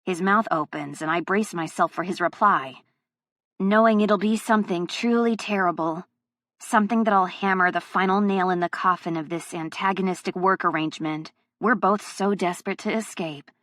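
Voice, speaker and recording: A woman's voice: on the low side, moderate pace, fairly bright tone, no echo, studio quality. A woman narrating a first-person audiobook, with a heated, emotionally charged delivery.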